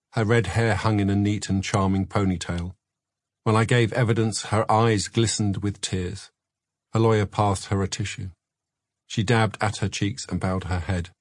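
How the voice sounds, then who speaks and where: A man with a low, husky voice narrates a memoir in a measured, matter-of-fact way. He is close on the mic in a dry, dead studio. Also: no room sound. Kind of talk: scripted audiobook narration.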